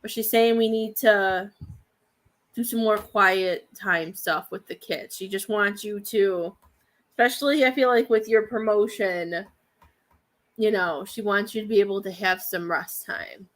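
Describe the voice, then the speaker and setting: A woman's voice: medium pitch, steady tone, unhurried. A woman in her thirties giving a rambling, hesitant psychic reading to viewers on a live stream, full of fillers and restarts. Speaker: psychic medium.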